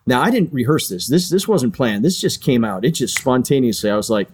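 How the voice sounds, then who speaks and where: Interview guest: middle-aged man, earnest, conversational storyteller, mid pitch. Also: animated, fast, hardly any pauses, a little mellow, breathy edge. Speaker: guest, retired fighter pilot and chaplain.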